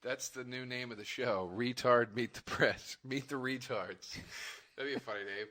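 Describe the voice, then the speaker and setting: A man's voice: medium pitch, moderate pace, sharp tone. A man, a comedian co-hosting a casual chat, telling profane stories and acting out other people. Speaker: comedian co-host.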